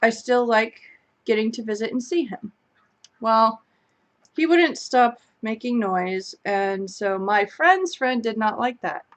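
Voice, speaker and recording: A young adult woman co-hosting a live chat stream, telling a story in a casual, animated way and laughing as she goes. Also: on the high side, slow.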